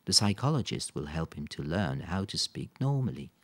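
A man's voice: sits low, big pitch swings, normal speed. A man reading aloud, voicing a kind middle-aged mother who explains things patiently. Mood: explaining. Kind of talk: audiobook character voice.

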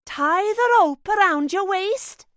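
A woman voicing a brave, bossy young girl who talks in a brisk, commanding way. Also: very high-pitched, expressive, fairly bright tone, dry recording, studio quality, heavily acted. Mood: eager.

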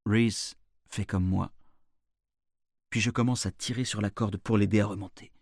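A man narrating a storybook in a clear, measured storytelling manner. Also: on the low side, fairly even intonation, darkish tone, no room sound, studio quality.

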